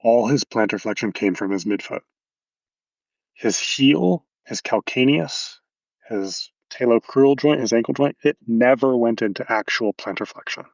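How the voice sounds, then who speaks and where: A man's voice: medium pitch, moderate pace, gravelly, no room sound, muffled recording. A man coaching athletes, explaining movement casually in a podcast interview with anatomical detail and frequent fillers.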